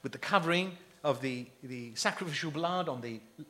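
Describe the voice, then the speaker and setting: A man's voice: a little high, normal speed, pushed and bright. A man preaching a sermon, emphatic and full of rhetorical questions to his listeners.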